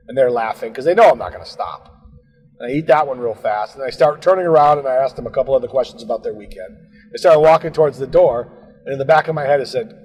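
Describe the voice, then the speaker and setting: A man's voice: medium pitch, lively intonation, quick pace, darkish tone, slightly rough, big-room sound, poor audio. A man telling a rambling comic story about himself, scolding himself and swearing as the rants build. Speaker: podcast co-host telling a story.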